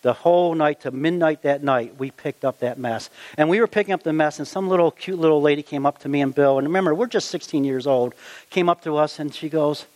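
A middle-aged man telling a personal anecdote in a folksy, animated way, acting out the quotes as he goes. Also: a little high, a little fast. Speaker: storyteller. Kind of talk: personal anecdote, told aloud.

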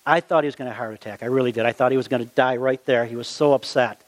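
A middle-aged man telling a personal anecdote in a folksy, animated way, acting out the quotes as he goes. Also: medium pitch, racing. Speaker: storyteller. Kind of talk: personal anecdote, told aloud.

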